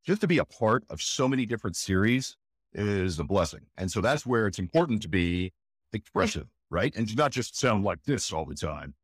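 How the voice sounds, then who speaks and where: Man, voice actor, interview guest, animated emphatic storytelling, lowish voice, dry sound. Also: fairly quick, breathy edge, no room sound. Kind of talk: enthusiastic interview chat.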